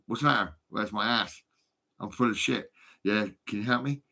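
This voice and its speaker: A man's voice: lowish voice, moderate pace, gravelly, bright, forceful tone. Brief: guy, fifties, rambling sweary phone vlog, laughs a lot. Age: 50s.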